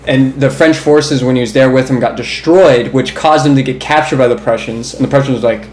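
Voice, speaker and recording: A man's voice: medium pitch, fairly quick, a little mellow. A young man co-hosting a podcast in casual chat, telling long, rambling stories with an amused, laughing manner. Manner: rambling, amused storyteller who laughs as he talks. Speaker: podcast co-host. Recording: roomy echo.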